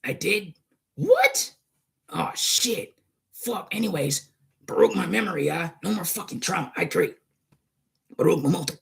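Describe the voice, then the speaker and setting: A man's voice: high voice, normal speed, gravelly, slightly rough. A man rambling and cursing in a casual monologue, arguing back and forth with himself. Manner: profane, rambling, argues with himself.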